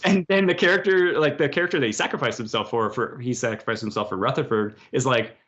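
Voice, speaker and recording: A man hosting a podcast, chatting casually and retelling scenes with quick put-on voices. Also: mid-range voice. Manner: rambling, animated retelling with quoted voices. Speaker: podcast host. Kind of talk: casual chat. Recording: dull lo-fi podcast audio.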